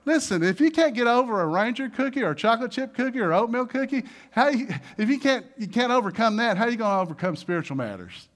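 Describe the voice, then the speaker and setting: A male pastor preaches a sermon in a high, lively voice that leaps up and drops down, acting out little voices and shifting between loud bursts and soft asides. His delivery is animated and conversational, quick-paced with hardly any pauses.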